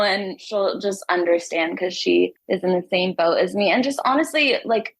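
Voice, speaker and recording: Young woman talking fast and bubbly, bit out of breath, laughs a lot. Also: medium pitch, slightly rough, poor audio. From United States. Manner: chatty, upbeat, laughs often. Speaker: singer and guest. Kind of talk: casual interview chat.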